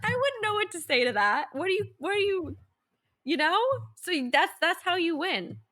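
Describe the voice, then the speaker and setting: A woman's voice: very high-pitched, very animated, moderate pace, bright, forceful tone. A young woman co-hosting a podcast, chatting playfully and emphatically, laughing often. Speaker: podcast co-host. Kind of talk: casual chat.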